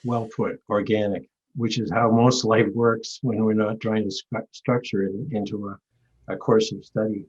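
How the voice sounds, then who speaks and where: A man's voice: on the low side, little pitch movement, measured pace, a little mellow, lo-fi sound. A man in his seventies from Maine, telling stories and leading a discussion over a video call, with frequent restarts. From Maine, USA. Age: 70s. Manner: rambling, storytelling, frequent restarts. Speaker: award recipient leading a session. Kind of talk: reflective talk and discussion.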